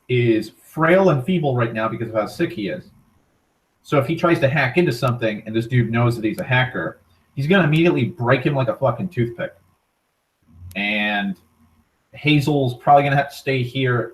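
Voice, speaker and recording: A man casually retelling a tabletop game session, swearing constantly and acting out the characters' lines. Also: medium pitch. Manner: heavy swearing, rambling with restarts; animated, acting out quoted lines. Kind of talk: casual storytelling monologue. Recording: voice a bit far from the mic.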